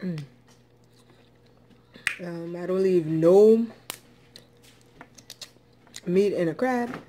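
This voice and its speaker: A woman talks through her meal in a slow, unhurried drawl, her voice sitting a little low. She rambles in a friendly, chatty way with plenty of ums. Cutlery and dishes clink softly behind her. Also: slight background noise. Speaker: food vlogger. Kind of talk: casual mukbang eating chat.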